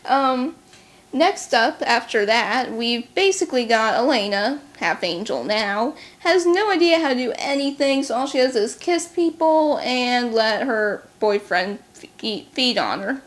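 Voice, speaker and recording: A woman recapping a book series in a casual vlog, snarky and sarcastic, talking quickly. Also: a little high, expressive. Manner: talks fast. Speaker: book reviewer.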